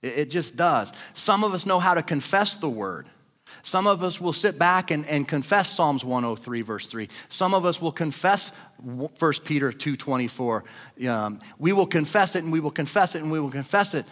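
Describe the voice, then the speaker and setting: Pastor guy preaching hard, high bright voice, big hall echo. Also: lively intonation, moderate pace. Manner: fervent preaching that builds to shouting. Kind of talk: sermon.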